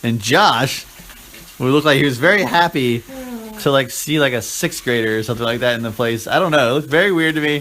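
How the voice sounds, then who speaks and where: A man's voice: medium pitch, fairly quick, a bit bright. A man co-hosting a casual chat, teasing and trash-talking his friend.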